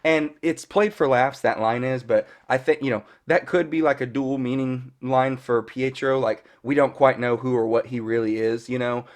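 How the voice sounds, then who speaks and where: A man's voice: medium pitch, fairly even intonation, normal speed, few pauses. A man in his thirties casually recapping a TV episode as a fan reviewer, rambling and filling his talk with "you know" and the odd curse word. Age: 30s. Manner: rambling, peppered with "you know" and mild cursing.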